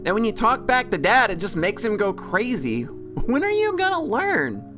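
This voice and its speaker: A woman reading a calm, cautious teenage boy. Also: a little high, moderate pace. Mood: reasoning. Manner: calm, reasoning. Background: game music.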